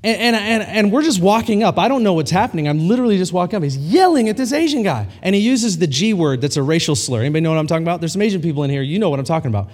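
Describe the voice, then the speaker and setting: Male pastor, high and animated delivery, storytelling sermon in a big echoing hall. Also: rapid-fire, few pauses. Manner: animated storytelling preacher, acts out quoted dialogue. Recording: long hall reverb.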